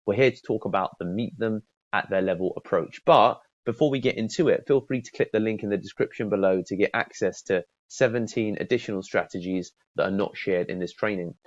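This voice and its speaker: A middle-aged man talks through a sales lesson in a loose, chatty way, stumbling over repeated words and restarts. His voice sits low. The recording is dry and a little dull, with no room sound. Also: fairly quick, few pauses, no room sound. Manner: chatty, repeats words and restarts often, acts out call examples. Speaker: sales trainer. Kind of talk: casual spoken training talk.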